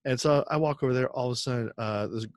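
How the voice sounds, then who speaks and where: Fast and medium-pitched, this male podcast co-host tells stories in a casual, filler-heavy way, acting out quotes as he rambles. The recording has no echo.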